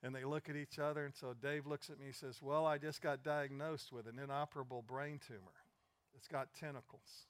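An older man preaching a sermon, retelling conversations and building to loud, emphatic peaks. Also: medium pitch, fairly even intonation, fairly quick, no echo. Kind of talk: sermon storytelling.

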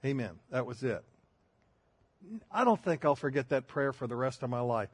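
Husky older man preaching with folksy humor. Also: mid-range voice, animated, moderate pace, dry recording. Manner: folksy storytelling with self-deprecating humor. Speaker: pastor. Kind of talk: sermon.

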